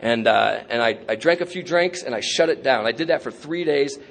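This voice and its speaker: A man's voice: medium pitch, lively intonation, brisk, creaky, a little hiss or hum. A man speaking at a recovery convention, telling his story candidly with streetwise slang and self-mocking humor. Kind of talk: personal recovery talk.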